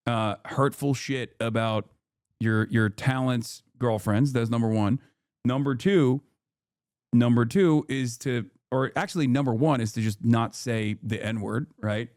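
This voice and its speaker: A man's voice: medium pitch, darkish tone, no echo. Male streamer, exasperated, blunt, swearing, mid-range voice, dry close mic. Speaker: streamer reacting to a clip. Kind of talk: live stream reaction commentary.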